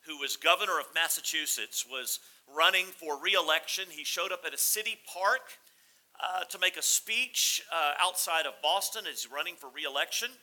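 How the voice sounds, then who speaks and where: A man's voice: on the high side, normal speed, bright, forceful tone, rough recording. A man in his forties preaching a sermon in a conversational, humorous storytelling manner. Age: 40s. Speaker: pastor.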